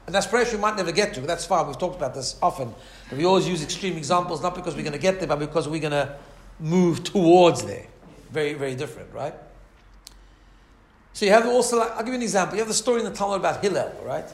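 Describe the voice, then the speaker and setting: A man with a fairly high voice gives a Torah lecture in a relaxed, conversational manner. He keeps checking in with his listeners and acts out the characters in his stories. The room adds a noticeable echo. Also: fast. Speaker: rabbi teaching a class.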